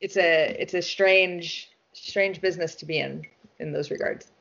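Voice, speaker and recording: A woman's voice: on the low side, fairly even intonation, unhurried, vocal fry, fairly bright tone. A woman being interviewed in a casual chat, talking animatedly, swearing freely and laughing often. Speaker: interview guest. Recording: dull lo-fi sound.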